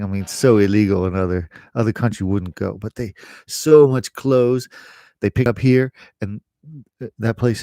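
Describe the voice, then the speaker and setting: A man's voice: on the low side, darkish tone, no room sound, studio quality. A middle-aged man, an English teacher, chatting casually to camera in a rambling way, with fillers and laughs.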